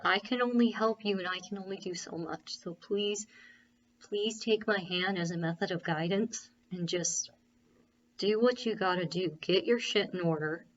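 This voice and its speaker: A woman's voice: mid-range voice, moderate pace, dull audio, a little hiss or hum, lightly acted. A woman voicing a caring, firm middle-aged male parole officer, earnestly pleading and repeating key phrases.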